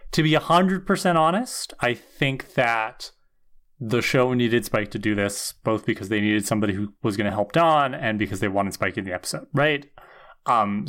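A man's voice: medium pitch, a bit bright. A man co-hosting a podcast, analyzing a TV episode in casual chat. He talks things through thoughtfully and keeps checking in with "right?". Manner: thoughtful, checks in with frequent "right?", swears for emphasis. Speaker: podcast co-host.

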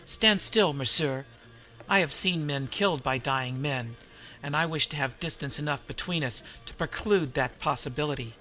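A man's voice: on the high side, normal speed, sharp tone, faint music behind, low-quality recording. A man voicing a menacing male French bandit who taunts coldly. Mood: threatening. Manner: cold and taunting.

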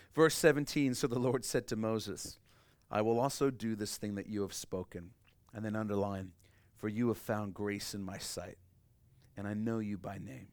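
A man preaching a sermon, swinging from loud emphatic peaks to soft, quiet lines and repeating key phrases for emphasis. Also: medium pitch, no room sound. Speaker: pastor.

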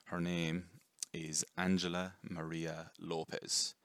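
A man's voice: sits low, monotone, slow, a bit bright, dry recording. A young man rambling casually through a jokey film review, swearing and correcting himself often.

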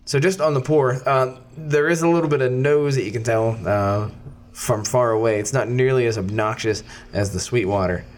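A man's voice: mid-range voice, moderate pace. Man joking through beer banter. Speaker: podcast co-host. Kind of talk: casual chat.

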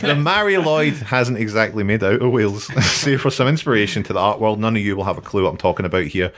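A Scottish podcast host tells his stories in a loose, jokey way, swearing freely and laughing along. His voice sits fairly low. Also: lively intonation, fast talker, a bit bright. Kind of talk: casual chat, storytelling.

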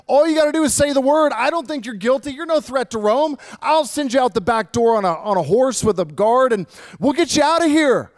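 A man's voice: very high-pitched, animated, brisk, voice pushed up. A man voicing a desperate adult Roman governor who pleads urgently. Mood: pleading.

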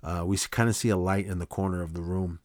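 A man with a deep voice hosts a podcast, walking through a short film's story in a loose, rambling way. He leans on fillers and restarts his sentences often. The sound is close and dry, with no room echo. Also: steady tone, fast talker, darkish tone. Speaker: podcast host. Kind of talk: casual film recap.

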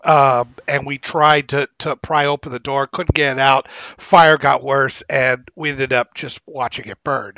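A man's voice: mid-range voice, steady tone, measured pace, hardly any pauses, sharp tone, no room sound, lo-fi sound. A man co-hosting a podcast through a headset mic, blunt and complaining, talking casually with swearing. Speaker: podcast co-host. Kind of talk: casual chat.

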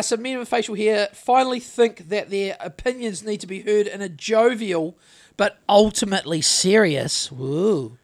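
A man's voice: high-pitched, vocal fry, fairly bright tone. A man co-hosting a podcast, ranting bluntly and swearing constantly in casual chat. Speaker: podcast co-host.

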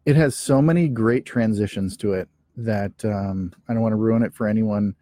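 A man's voice: fairly low pitch, moderate pace, dark tone. A man co-hosting a podcast in casual chat, playful and joking. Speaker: podcast co-host.

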